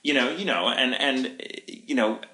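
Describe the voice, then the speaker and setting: A man co-hosting a podcast, telling a long story in a casual, profane, animated way and acting out the quotes. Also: medium pitch, unhurried. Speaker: podcast co-host. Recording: echoey room with noise.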